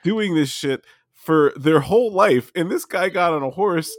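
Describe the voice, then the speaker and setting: A man's voice: on the high side, lively intonation, measured pace, dry recording, studio quality. A man co-hosting a casual podcast chat, rambling with lots of fillers and casual swearing.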